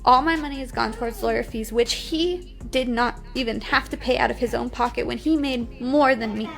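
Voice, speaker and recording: A woman's voice: high-pitched, gravelly, fairly bright tone. A woman in her twenties, crying as she talks in an upset, defiant livestream monologue on her phone. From United States. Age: 20s. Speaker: reality TV personality.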